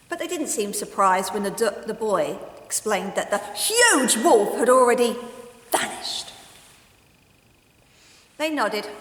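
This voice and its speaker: A woman reads a story aloud to young children at a school assembly, expressive and animated. Her voice sits a little high and moves a lot. The sound rings out in an echoey room with a long reverb. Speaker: teacher leading a school assembly.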